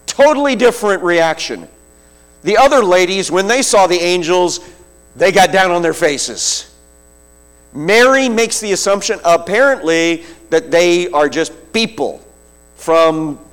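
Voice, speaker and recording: A man's voice: high-pitched, lively intonation, a bit bright, clear, resonant tone. Man preaching in a storytelling sermon. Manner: vivid storytelling with slow deliberate phrasing. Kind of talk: sermon retelling a scripture story.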